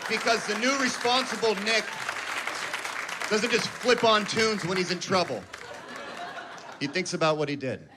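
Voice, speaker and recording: Thirties male stand-up, fairly high voice, self-deprecating and animated; live crowd laughing. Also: a little slow, long pauses, background noise. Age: 30s. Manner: self-mocking, animated storytelling. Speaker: stand-up comedian. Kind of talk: stand-up storytelling. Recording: live club with audience laughter. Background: audience laughter.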